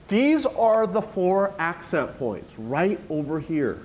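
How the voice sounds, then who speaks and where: Lively slow-talking teacher quizzing a class. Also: mid-range voice, low-quality recording. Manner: coaxing, asks the class question after question. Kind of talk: classroom lesson quizzing students.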